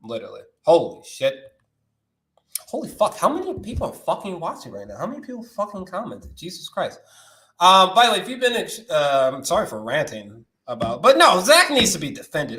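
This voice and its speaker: A man's voice: on the high side, sing-song, moderate pace, a bit bright, echoey room, rough recording. A young man hosting a movie news stream, ranting in a loose, slangy, profane way, his voice leaping up when he gets worked up. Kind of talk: animated live-stream rant.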